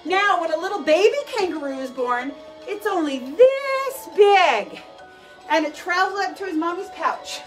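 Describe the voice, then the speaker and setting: A woman's voice: extremely high pitch, big pitch swings, a little slow. A woman fitness instructor leading a children's workout, encouraging and calling out each move. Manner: encouraging, calls out moves and cues. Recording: distant mic with background music.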